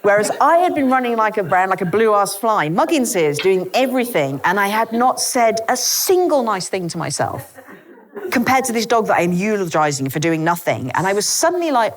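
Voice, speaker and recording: A woman in her fifties, a guest author in a live podcast conversation, telling stories quickly and comically, with frequent laughs and self-deprecating asides. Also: mid-range voice. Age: 50s. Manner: rapid, animated storytelling with frequent laughs.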